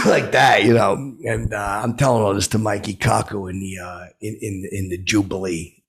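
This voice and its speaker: A gravelly, husky man with a lowish voice spins a rambling, crude comic story. He sounds boastful and oblivious, bragging about run-ins as a podcast host in character. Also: steady tone, normal speed.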